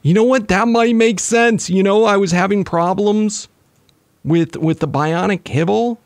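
A young man chatting casually to viewers while playing a video game, excitable and talkative. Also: high-pitched, unhurried, dry recording, clean studio sound. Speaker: gaming YouTuber. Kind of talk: casual gameplay commentary.

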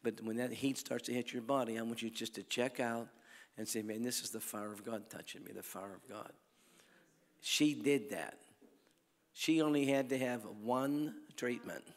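A man preaching at a healing crusade, telling stories and swinging between loud calls to the crowd and hushed lines. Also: mid-range voice, normal speed. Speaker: evangelist preacher. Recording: long hall reverb.

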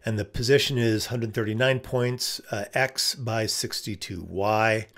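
A man's voice: lowish voice, a little slow, a bit bright. A man, a business coach, talking casually through a screen-share design tutorial, thinking aloud with frequent fillers.

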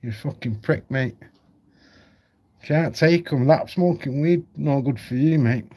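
A man's voice: mid-range voice, measured pace, a little mellow, breathy edge. A man ranting at home on his channel, blunt, heated and full of swearing. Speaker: vlogger. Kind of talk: ranting commentary.

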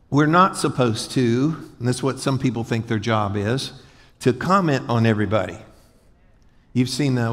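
Man, pastor; casual joking sermon, calls on the crowd to repeat lines, big echoey church. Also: medium pitch. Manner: folksy, joking, asks the congregation to repeat after him. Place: large church hall before a congregation.

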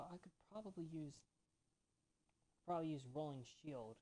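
A woman giving casual let's-play commentary, getting frustrated, swearing and yelling at enemies, then apologizing for her language. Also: moderate pace, poor audio. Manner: pitch jumps high when annoyed.

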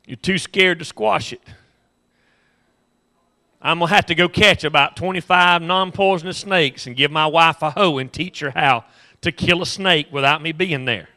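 A man's voice: fairly high pitch, normal speed, bright, forceful tone. A male pastor preaching a sermon with impassioned repetition and humorous storytelling.

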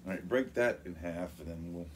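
A man's voice: deep voice, moderate pace, a little hiss or hum. A man hosting a casual snack review, talking in a jokey, upbeat way. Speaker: channel host.

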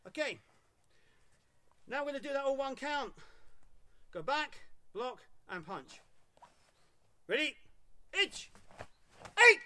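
A man teaching a live online karate class, calling counts and short commands between calm explanations. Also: very high voice, unhurried, long pauses, smooth. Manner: barks counts loudly, coaching in short commands. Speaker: karate instructor.

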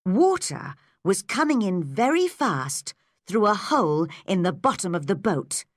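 Lady reading a kids story slow and clear, lots of lilt, dry close mic. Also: mid-range voice, sing-song, no room sound. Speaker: narrator. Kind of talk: graded-reader story narration for learners.

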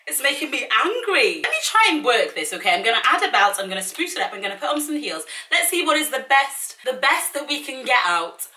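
A woman in her twenties vlogs while trying on clothes at home, keeping it casual but dramatic, exasperated and full of self-mockery. She talks fairly quickly with hardly a pause, her high-pitched voice very animated, pushed and bright. Echoey room, distant mic.

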